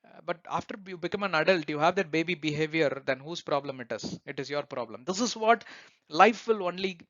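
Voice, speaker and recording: A man's voice: fairly high pitch, fairly bright tone, no room sound, lo-fi sound. A man hosting a self-help channel, giving an earnest motivational talk, repeating points and often checking in with "right?", with many fillers and restarts. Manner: earnest, repetitive, asks listeners "right?"; many fillers and restarts, non-native phrasing.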